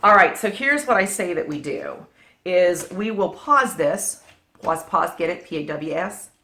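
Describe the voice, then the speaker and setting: A woman's voice: on the low side, expressive, a little slow, bright, forceful tone. A woman chatting jokily to the camera as a vlogger, at home in her family room. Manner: chatty, jokey, talks to the camera and her cats. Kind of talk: casual chat. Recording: echoey room, faint noise.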